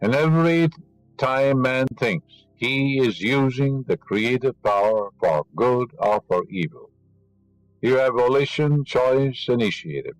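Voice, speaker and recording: A man's voice: medium pitch, lively intonation, measured pace, soft background music, rough recording. A man delivering a spiritual lecture, emphatic and teaching, scornful of superstition and fond of rhetorical questions. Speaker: inspirational lecturer.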